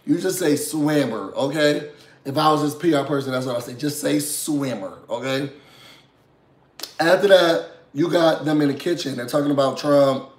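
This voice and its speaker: A man with a hoarse voice from feeling under the weather, chatting casually and sassily as he recaps a reality TV episode and checks in with viewers. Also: fairly high pitch, moderate pace, echoey room. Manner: chatty, sassy, asks "you know what I'm saying?".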